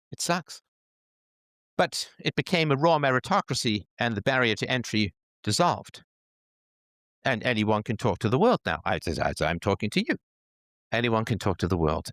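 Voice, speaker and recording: A man's voice: lowish voice, a bit bright, dry recording, studio quality. A man hosting a livestream, giving sarcastic commentary with crude humor. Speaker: podcast host.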